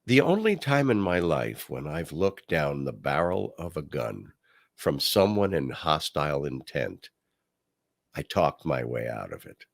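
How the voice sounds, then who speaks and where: A man hosting a podcast, telling a personal story in a casual monologue. He acts out the quoted voices at a higher pitch and drops low and quiet on his asides. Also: sing-song, unhurried, creaky, no room sound, studio quality. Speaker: podcast host.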